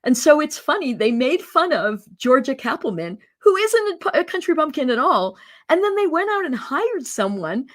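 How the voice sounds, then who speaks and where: A woman guest commenting in a casual interview, animated and incredulous in tone. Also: high-pitched, moderate pace, few pauses.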